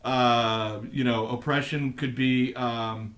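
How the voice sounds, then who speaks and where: A middle-aged pastor man talks through a live ministry show, thoughtful and halting, circling back and restarting his phrases. His pitch sits in an ordinary middle register for a man. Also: steady tone, fairly bright tone. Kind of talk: live radio ministry talk.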